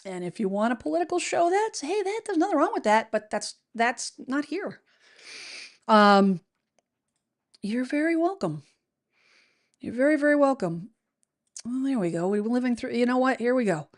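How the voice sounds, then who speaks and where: A woman's voice: fairly high pitch, lively intonation, moderate pace. Chatty middle-aged American woman host. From United States. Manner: chatty and rambling, many fillers and restarts. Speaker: real estate show host. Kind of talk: casual livestream chat reading viewer comments.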